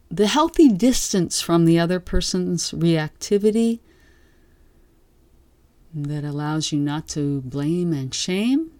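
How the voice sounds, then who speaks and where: A woman gives a dharma talk in a slow, gentle, reflective manner, letting long pauses hang between phrases. Her voice is low and mellow. The sound is close and dry. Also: no echo. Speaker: meditation teacher.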